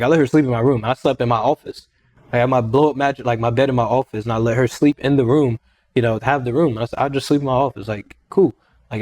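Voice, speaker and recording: A man's voice: mid-range voice, no echo. Young man telling a story with lots of quoted dialogue. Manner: animated retelling with quoted dialogue, repeats himself. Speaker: podcast guest. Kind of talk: casual storytelling interview.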